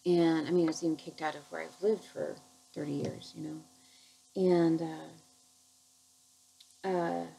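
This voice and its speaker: A middle-aged woman, a chemical dependency counselor, telling her personal recovery story in an earnest, halting, heartfelt way. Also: low voice, fairly even intonation, vocal fry, warm tone, breathy edge, low-quality recording.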